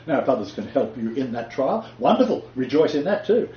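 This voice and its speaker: A man leads a casual Bible discussion, preaching emphatically and laughing often. His medium-pitched voice is brisk and sing-song. The recording is roomy, dull, and lo-fi, with faint noise.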